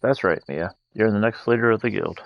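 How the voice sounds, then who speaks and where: A man's voice: on the low side, fairly quick, vocal fry, dry recording, dull audio. A man voicing an anxious, protective young mage in a game, urging and pleading. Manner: urgent and pleading. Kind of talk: game voice acting.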